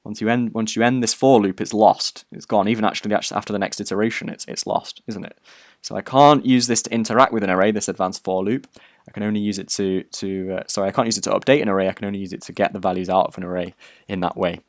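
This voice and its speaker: Low-voiced man explaining code. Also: fairly even intonation, quick pace, no echo, clean studio sound. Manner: explanatory, conversational, many fillers and restarts. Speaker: programming lecturer. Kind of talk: recorded coding lecture.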